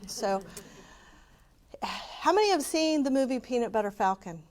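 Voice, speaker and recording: Slightly high and darkish in tone, this woman's voice swings widely in pitch at a measured pace. She's a community presenter addressing a live audience with openness and passion, then answering what they ask.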